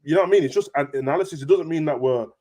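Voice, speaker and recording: A young man, hosting a casual football chat with animated, slangy banter. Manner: animated, slangy, rapid banter with big pitch jumps. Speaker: football podcast host.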